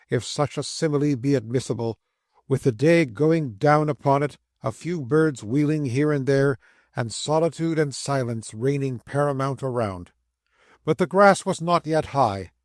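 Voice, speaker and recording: A man reading a classic travel memoir aloud as an audiobook narrator, in measured, descriptive storytelling. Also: medium pitch, no room sound, studio quality.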